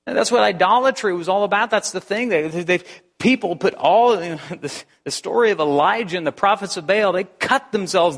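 Guy preaching a sermon, slightly high voice, lots of repeats and questions, echoey church hall. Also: normal speed, a bit bright. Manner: conversational, repeats words, rhetorical questions. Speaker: pastor. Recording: long hall reverb.

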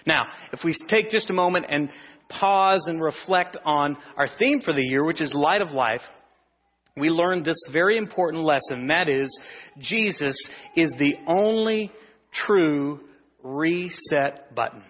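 A male pastor preaching a sermon to his congregation, swinging between loud emphasis and hushed, drawn-out lines. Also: on the high side, long reverb tail, muffled recording. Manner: asks the congregation for responses. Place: church sanctuary.

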